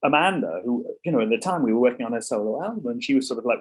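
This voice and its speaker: Husky man, rambling chat. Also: medium pitch, expressive, fast talker, few pauses, rough recording. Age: middle-aged. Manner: rambling, many restarts and repeats. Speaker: songwriter guest. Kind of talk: casual interview chat.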